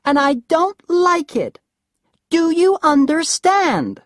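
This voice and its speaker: Shrill, demanding spoiled wife, as a woman reader puts her on. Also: very animated, slow pace, dry recording, studio quality, exaggerated voice. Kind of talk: storybook reading.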